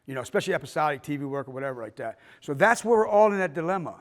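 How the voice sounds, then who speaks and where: A man's voice: on the high side, lively intonation, very fast. A middle-aged man giving a filmmaking workshop talk, telling stories with acted-out quotes and the odd swear. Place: arts center auditorium.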